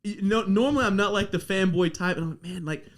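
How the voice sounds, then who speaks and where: A man's voice: sits high, fast talker. A man from Oklahoma hosting a podcast, telling a long story in a rambling, casual way full of "like" and fillers. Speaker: podcast host.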